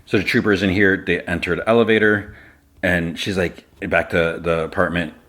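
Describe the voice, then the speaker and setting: Low-voiced male podcast host, chatty and rambling, strings scenes together with "like". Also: steady tone, normal speed, a bit bright. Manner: loose retelling full of "like" and restarts. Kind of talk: casual episode recap.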